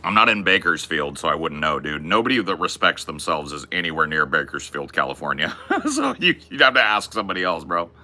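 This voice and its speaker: A young man chats on his podcast in a laid-back, profane way, tossing in dude and bro. His voice sits a little low and is strikingly bright. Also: big pitch swings, brisk. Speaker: podcast host. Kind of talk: casual chat.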